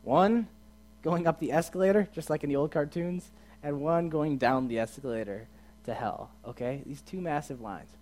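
A man giving a casual sermon as a youth pastor, chatty and asking his listeners questions, swinging from quiet to loud and emphatic. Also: a little high, slight background noise. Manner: chatty, asks the audience questions.

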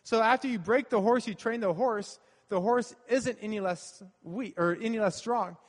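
A man's voice: sits high, moderate pace. A pastor giving a sermon, earnest and conversational, who repeats his key phrases. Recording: long hall reverb.

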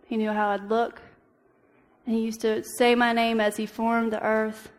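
A woman's voice: on the high side, monotone. Earnest young woman speaking in an echoing hall. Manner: earnest, halting, with frequent ums and restarts. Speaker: speaker giving a church devotional. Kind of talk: personal testimony talk. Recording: long reverb of a hall.

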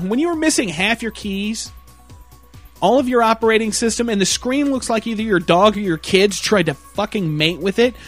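Young man, high voice, profane exasperated rant, faint music behind. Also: a bit bright. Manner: crude, exasperated, swears a lot, laughs mid-sentence; mocks customers in a shrill put-on voice. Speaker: computer repair guy ranting.

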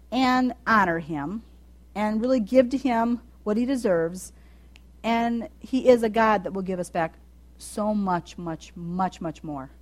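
A woman preaching a sermon in a conversational way, dropping soft and low, then building to loud, high emphatic passages with asides to her listeners.

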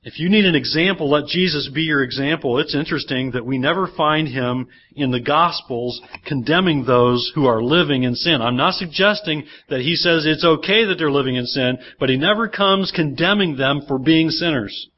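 A man's voice: fairly high pitch, normal speed, few pauses. A male pastor preaching a sermon, often putting rhetorical questions to the congregation. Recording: dull lo-fi church sermon recording.

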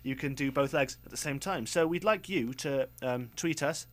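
A man's voice: medium pitch, moderate pace, fairly bright tone. A young man co-hosting a student radio show, rambling and self-mocking in casual banter. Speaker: radio co-host. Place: radio studio.

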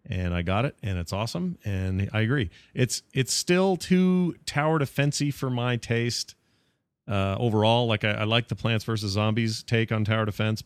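A man hosting a podcast, chatting casually in a joking, rambling way with quick asides. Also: mid-range voice, smooth, no echo. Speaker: podcast host. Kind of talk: casual chat.

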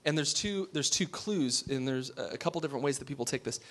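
A pastor giving a sermon. He talks in a conversational way, asks his listeners questions and drops to a hush for emphasis. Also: mid-range voice, expressive, a little fast.

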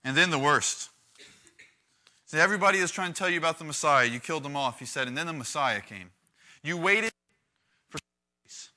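Man preaching, youth pastor, high voice, very bright and forceful tone, animated, talks straight to the room. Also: fairly quick, pauses often. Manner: animated, conversational, acts out quotes with big swings in volume. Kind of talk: lively preaching to a youth group.

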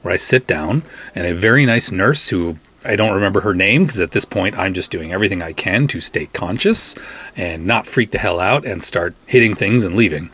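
Middle-aged male podcast host, husky, animated storyteller who acts out the voices. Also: low voice, normal speed. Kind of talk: comic anecdote, casual storytelling.

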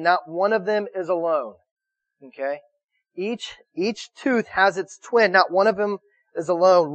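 A man's voice: a little high, no room sound, dull audio. A man preaching a sermon in a loose, conversational way, often restarting his words and checking in with his listeners. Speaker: pastor.

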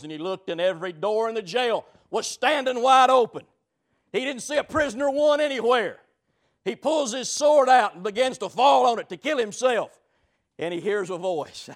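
High-voiced man preaching a dramatic sermon. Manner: dramatic storytelling, swinging between shouts and low murmurs.

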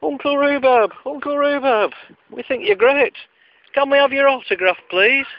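A high, eager young boy shouting a plea through a door. the voice jumps far above the storyteller's own, and the recording is dull and lo-fi. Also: slow, full character voice. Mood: pleading. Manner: shouting, pleading.

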